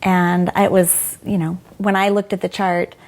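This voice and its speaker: Mellow, gravelly woman telling her story. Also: fairly low pitch, level tone, unhurried. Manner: frank, emotional, quotes people in dialogue. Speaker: interview guest, former doctor. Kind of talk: candid conversational storytelling.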